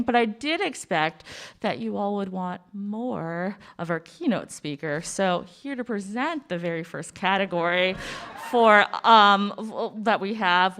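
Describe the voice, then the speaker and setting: A woman's voice: mid-range voice, pushed and bright, slight background noise. A woman hosting an awards ceremony on stage, rambling with lots of fillers. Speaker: awards host. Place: stage at a live event.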